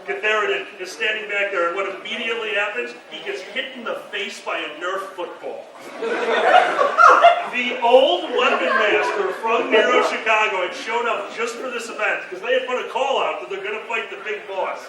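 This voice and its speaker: Excitable high-voiced man telling stories. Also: brisk, few pauses. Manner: excitable, laughing, acts out shouted quotes. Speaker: storyteller at a convention panel. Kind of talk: animated live storytelling. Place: convention room with an audience. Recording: echoey room from far off, crowd noise.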